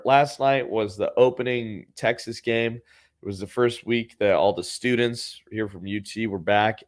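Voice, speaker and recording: A man hosting a podcast, telling a story in a casual, sardonic and profane way. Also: fairly low pitch. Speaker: podcast host.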